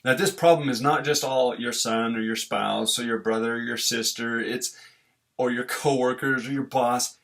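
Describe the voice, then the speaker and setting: Middle-aged man, earnest conversational advice, bright tone. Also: medium pitch, steady tone, normal speed, gravelly. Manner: earnest, conversational, explaining with homely examples. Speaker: relationship advice speaker. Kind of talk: casual talk.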